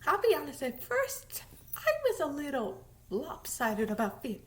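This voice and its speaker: A woman vlogger chatting casually about a TV series, animated and emphatic, repeating words for effect and sometimes dropping to a whisper. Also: high voice, measured pace. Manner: drops to a whisper at times. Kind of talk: casual chat.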